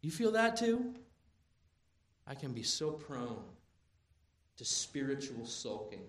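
A man in his thirties preaching a sermon as pastor, animated, moving between quiet asides and loud emphatic bursts. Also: mid-range voice, takes it slowly. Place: church sanctuary. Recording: very echoey church hall.

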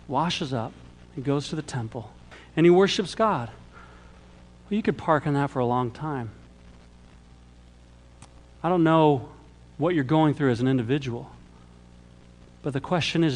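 Dynamic preacher swinging loud and hushed. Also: male voice, a little high. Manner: acts out quoted lines. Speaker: pastor. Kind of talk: sermon.

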